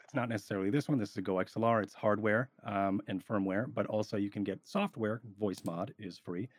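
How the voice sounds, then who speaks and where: Rambling, animated man in casual chat. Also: on the low side, no echo. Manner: rambling and animated, with frequent restarts. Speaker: roleplayer giving advice.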